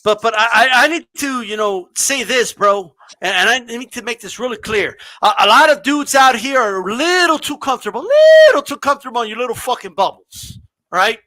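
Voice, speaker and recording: A man's voice: very high-pitched, expressive, a little fast, pushed and bright, no echo, low-quality recording. A man hosting a boxing podcast, ranting with lots of profanity, often raising his voice and mocking people. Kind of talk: heated uncensored podcast rant.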